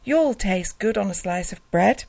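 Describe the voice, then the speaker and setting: A woman voicing a big, shaggy, easily fooled male monster in a storybook reading, slow and amazed. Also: mid-range voice, expressive, gravelly, darkish tone, no echo.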